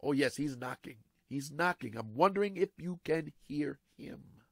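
A man pastor preaching a sermon dramatically, repeating his phrases and swinging from hushed to loud. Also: a little high, lively intonation, moderate pace, breathy edge, dry recording.

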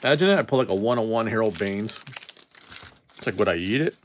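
A man's voice: on the low side, animated, fast talker, a little hiss or hum. A man hosting a casual card-opening session, reading off names as he goes and joking offhand with a few swear words. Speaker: card box breaker host.

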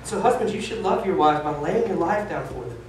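Fairly quick and a little mellow, this pastor in his thirties preaches in a high-pitched voice with lively intonation and emphatic, self-deprecating candor. His sermon reverberates in a large sanctuary, picked up from afar with faint hiss.

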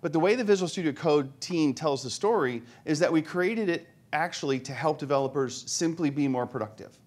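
A middle-aged man with a slightly high voice presents a software demo to a live conference audience. He talks in a chatty, joking way and keeps asking the room questions. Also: fairly quick. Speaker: conference speaker. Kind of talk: live technical presentation with jokes.

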